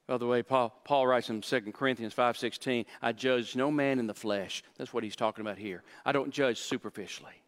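A male pastor delivers a sermon with a middle-pitched voice. He explains scripture line by line. His intensity swells and drops, and he trips into quick restarts when he presses a point. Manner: emphatic preaching, explaining scripture verse by verse; rising and falling intensity, with short stammered restarts.

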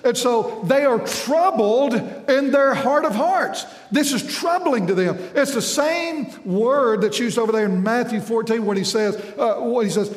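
A preacher with a drawl and a strikingly high voice delivers a folksy sermon. He asks his listeners questions and stumbles over repeated words as he goes. His voice rings through a large hall with a long, echoing reverb. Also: expressive, measured pace, few pauses.

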